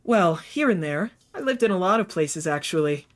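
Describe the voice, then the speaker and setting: A woman voicing a poised, friendly female fire performer, talking gently and chattily while doing her makeup. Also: lowish voice, animated, moderate pace, natural voice. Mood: hesitant.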